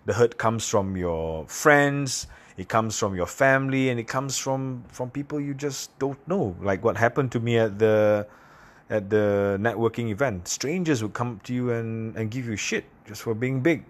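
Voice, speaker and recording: A man from Singapore, hosting a podcast and telling personal stories in a candid, halting, self-deprecating way. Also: medium pitch. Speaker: podcast host. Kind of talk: casual personal monologue.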